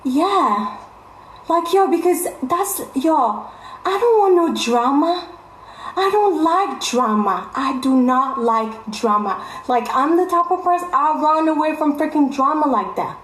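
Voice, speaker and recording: A woman's voice: sits high, expressive, a little slow, a bit bright. A young adult woman vlogger telling her viewers a story in casual chat, emphatic and repeating phrases for stress. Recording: roomy echo.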